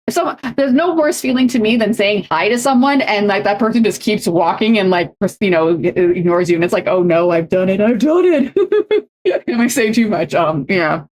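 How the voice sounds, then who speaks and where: A woman's voice: mid-range voice, fairly quick, few pauses. Chatty woman streamer, lots of fillers. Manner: chatty, many fillers and restarts. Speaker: streamer and co-host. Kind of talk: casual chat on a stream.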